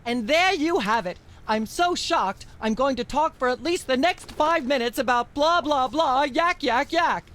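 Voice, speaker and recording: A woman's voice: sits high, expressive, unhurried, hardly any pauses, fairly bright tone. An actress voicing a gossipy, smug female talk-show host in a video game, theatrical and prattling. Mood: gushing.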